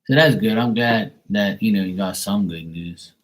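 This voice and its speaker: A man reading tarot on a live stream, chatting bluntly to a viewer, swearing freely and getting animated when worked up. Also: fairly low pitch, moderate pace, rough recording. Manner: blunt, swears often, talks straight to a viewer. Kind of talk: casual live-stream chat.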